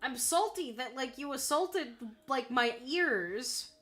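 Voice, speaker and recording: A woman's voice: sits high, animated, slow, fairly bright tone, faint music behind. A woman streamer in casual chat on a call, exasperated and stammering.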